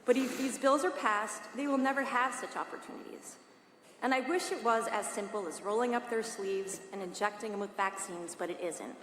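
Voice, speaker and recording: A woman's voice: on the high side, moderate pace, fairly bright tone. A woman, a parent testifying at a public hearing, reads a prepared statement in a solemn, pleading way. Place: large state legislative hearing room. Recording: echoey hall, faint hiss.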